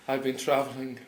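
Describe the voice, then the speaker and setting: A man telling a folk tale to a live audience, chuckling often and dropping into quiet voices for the characters. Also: medium pitch, a little hiss or hum. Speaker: storyteller. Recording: roomy live recording with audience.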